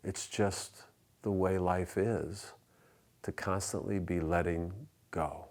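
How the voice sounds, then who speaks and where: A man, a pastor, delivering a sermon in a church, measured in pace and dropping to a hush on his repeated refrains. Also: low voice, steady tone. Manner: measured preaching with soft, hushed repeated refrains. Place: church sanctuary.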